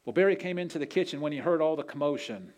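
A man's voice: on the high side, expressive, quick pace, a little mellow. A man preaching a sermon, telling a story in an earnest way and acting out the quoted voices. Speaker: pastor.

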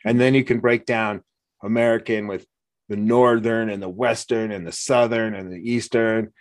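A man's voice: lowish voice, normal speed, no room sound. A man with a US West Coast accent, hosting a casual chat and telling stories in an easygoing way. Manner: chatty, animated when quoting people. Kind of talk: casual conversation.

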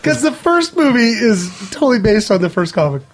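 High, lively-voiced sarcastic man. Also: a little fast, a little hiss or hum. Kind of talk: casual group chat about movies.

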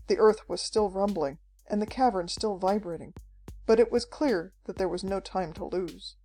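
A woman narrating an adventure story as an audiobook, reading at a steady, measured pace. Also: mid-range voice. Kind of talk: scripted narration. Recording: faint background music.

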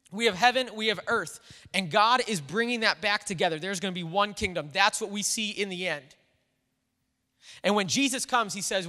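Pastor, man, high-pitched and ringing, casual thinking-aloud sermon, long church-hall reverb. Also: bright, forceful tone. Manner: conversational, thinking aloud with the congregation. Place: church sanctuary.

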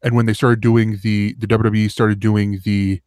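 A man with a lowish voice tells a rambling story in casual podcast chat. The sound is close and dry, with no room echo. He acts out the quotes as he goes. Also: little pitch movement, normal speed, a little mellow. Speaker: podcast co-host.

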